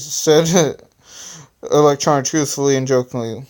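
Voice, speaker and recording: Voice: mid-range voice, steady tone, normal speed, a little mellow, smooth. A person reading their own story aloud, stumbling and correcting themselves, with joking asides along the way. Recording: phone screen recording.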